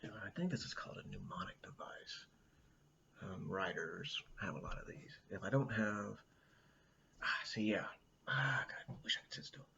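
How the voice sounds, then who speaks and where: A man's voice: lowish voice, expressive, moderate pace, vocal fry, pushed and bright, highs cut off, slight background noise. A middle-aged man rambling casually indoors, swearing often and laughing a lot. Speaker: vlogger. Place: indoors at a friend's house.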